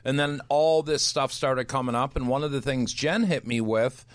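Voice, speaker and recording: A man's voice: mid-range voice, normal speed, no room sound. Blunt man telling his story. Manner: blunt, swears casually. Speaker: podcast guest, recovery speaker. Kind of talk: candid conversational storytelling.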